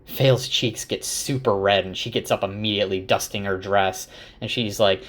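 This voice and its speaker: A man's voice: fairly low pitch, steady tone, moderate pace, a bit bright. Man casually recapping a fantasy novel. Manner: rambling with fillers and self-corrections. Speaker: book summarizer. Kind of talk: casual spoken book recap.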